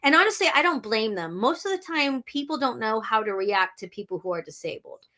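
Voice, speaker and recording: A woman's voice: a little high, sing-song, brisk, bright, forceful tone. A woman guest on a podcast, talking frankly with lots of restarts and blunt swearing. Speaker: podcast guest, audiobook narrator. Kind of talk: candid interview talk.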